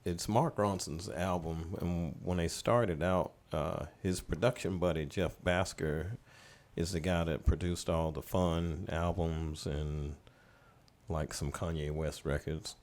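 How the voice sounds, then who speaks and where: Deep-voiced man telling studio stories. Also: slow. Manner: relaxed, rambling anecdotes, laughing as he tells them. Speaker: recording studio owner and producer, guest. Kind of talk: casual storytelling in a podcast interview.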